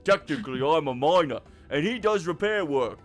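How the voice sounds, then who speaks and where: Man doing a Cockney miner, hearty and animated. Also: on the high side, moderate pace, soft background music, natural voice. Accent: put-on Cockney. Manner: lively, hearty storybook delivery. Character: chatty male miner NPC, trolley-obsessed. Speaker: streamer reading game dialogue. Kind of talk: voicing video game dialogue.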